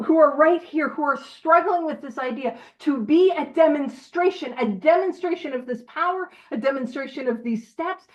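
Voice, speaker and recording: A woman leading a recovery Big Book study, reading passages and explaining them in a playful, animated way with self-deprecating asides. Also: sits high. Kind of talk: informal recovery-group teaching. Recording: slightly muffled audio.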